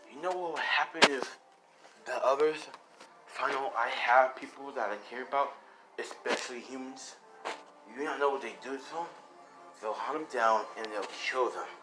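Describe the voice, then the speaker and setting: A man voicing a brooding, guarded wendigo teenage boy in a low, quiet mumble. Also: moderate pace, music in the background, natural voice, rough recording.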